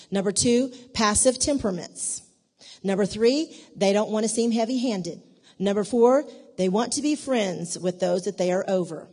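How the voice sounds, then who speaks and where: A woman giving a conversational church teaching in an animated way, acting out the dialogue in her stories. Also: medium pitch. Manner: animated, acts out quoted dialogue. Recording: long reverb of a large hall.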